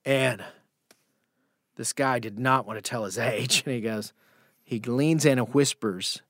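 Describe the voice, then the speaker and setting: A man chats on a podcast about doing impressions. He tells stories with animated turns and dips into other voices. The voice sits close and dry, with no room sound. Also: medium pitch, a little slow, pauses often, dry recording. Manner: animated storyteller who slips into impressions. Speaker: guest impressionist. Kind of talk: casual podcast chat.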